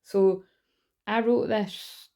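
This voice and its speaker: A woman's voice: mid-range voice, steady tone, drawn-out words, dark tone. A woman giving a casual tarot reading on her vlog, rambling and chatty, swearing casually and often losing her train of thought, recorded on a phone. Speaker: tarot reader.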